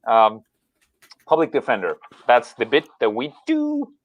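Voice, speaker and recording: A man co-hosting a podcast, telling rambling stories with deadpan jokes in casual chat. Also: mid-range voice, a little slow, muffled recording. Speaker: podcast co-host.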